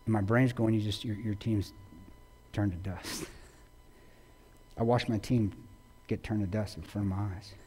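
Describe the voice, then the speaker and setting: A man's voice: on the low side, steady tone, a little slow, long pauses, dark tone, a little hiss or hum. A man giving a public talk, retelling a story intensely with quoted dialogue. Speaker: guest speaker. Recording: long reverb of a large hall.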